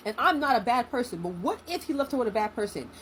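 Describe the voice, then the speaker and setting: A young woman in a casual storytime vlog, animated and indignant, acting out what people said. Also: a little high, quick pace, slight background noise, rough recording. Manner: animated, indignant, acts out quotes.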